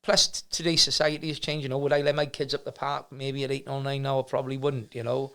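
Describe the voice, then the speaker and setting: A man's voice: medium pitch, flat delivery, fast talker, sharp tone, clean tone. A middle-aged man, telling his life story as a guest in a casual chat, rambling with many restarts. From Wales. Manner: rambling, many restarts, acts out quoted people. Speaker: martial arts gym owner, guest.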